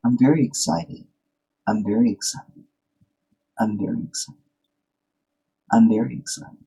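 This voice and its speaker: A man mimicking his wife in a flat, unenthused monotone that trails off softly. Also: medium pitch, unhurried, creaky, slightly rough, rough recording. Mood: deadpan.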